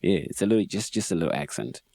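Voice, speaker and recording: Deep, mellow-voiced man explaining a beat. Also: fast talker, creaky, no echo. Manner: laid-back, relaxed explaining. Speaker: beat producer tutorial host. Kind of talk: casual tutorial narration. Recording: faint music behind voice. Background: beat playback.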